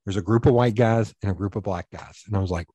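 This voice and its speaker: This podcast guest from East Tennessee, USA, has a mellow, slightly rough voice on the low side and talks fast. He rambles through anecdotes in a casual storytelling conversation, acting out quoted dialogue.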